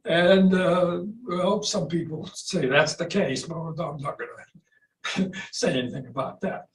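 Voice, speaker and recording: A man in his eighties telling stories casually as a qigong teacher, rambling and halting, with restarts and chuckles, heard over a video call. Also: a little high. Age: 80s. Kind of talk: casual storytelling. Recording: roomy, distant video-call audio with faint noise.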